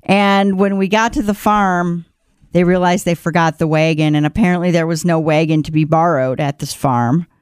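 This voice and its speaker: A woman's voice: on the low side, fairly even intonation, normal speed, clean tone, dry recording, clean studio sound. A woman co-hosting a talk show, telling a childhood story in a chatty, self-mocking way. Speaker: radio show co-host. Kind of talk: casual chat.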